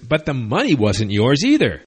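A man's voice: medium pitch, huge pitch swings, normal speed, husky. A man quoting a skeptical news reporter who questions a thief.

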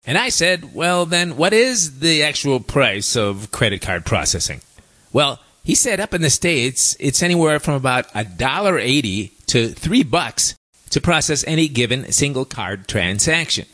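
A man's voice: medium pitch, measured pace. A man hosting a show, telling travel stories in a chatty monologue with wry asides. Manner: chatty, wry asides, lively rising and falling delivery. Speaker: host. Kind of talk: casual storytelling monologue.

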